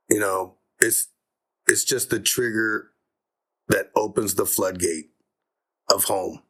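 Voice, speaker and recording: A man at a tabletop game with a fairly low voice. He speaks unhurriedly, relaxed but keen, as he fills in his character's story. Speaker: player. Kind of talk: casual tabletop play.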